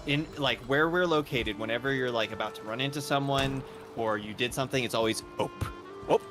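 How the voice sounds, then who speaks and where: A man with a mid-range voice talks fairly quickly while streaming a game live, music playing in the background. His chat is casual and rambling, punctuated by frequent laughs.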